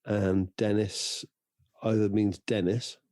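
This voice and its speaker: Low, mellow man teasing. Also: little pitch movement, slow pace, dry recording. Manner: dry, teasing. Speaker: podcast co-host. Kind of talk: casual chat. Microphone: video call.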